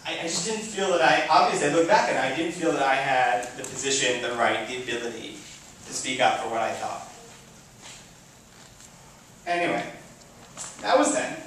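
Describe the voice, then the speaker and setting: A young man who is a rabbi giving personal opening remarks to an audience, chatty and self-deprecating, with many restarts and sudden animated outbursts. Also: medium pitch, normal speed, long pauses, slight background noise. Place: event hall before a live audience. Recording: very echoey hall, voice from far off.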